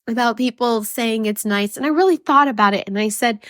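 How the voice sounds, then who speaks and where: A woman's voice: on the high side, fairly quick, few pauses, dry recording, clean studio sound. A woman hosting a podcast, talking in a raw, emotional and blunt way with swearing, tearful as she speaks. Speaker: podcast host. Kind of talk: confessional podcast monologue.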